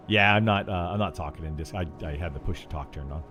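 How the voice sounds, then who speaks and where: A man's voice: fairly low pitch, expressive, brisk, hardly any pauses, fairly bright tone, soft background music. Rambling, chatty man streaming a game. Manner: rambling, chatty, with many fillers and restarts. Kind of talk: casual chat while streaming.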